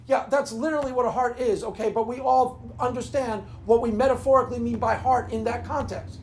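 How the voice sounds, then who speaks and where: A man's voice: very high-pitched, fast, hardly any pauses, a little hiss or hum. A man hosting his own video, ranting casually and rambling, often laughing at his own jokes. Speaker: video host.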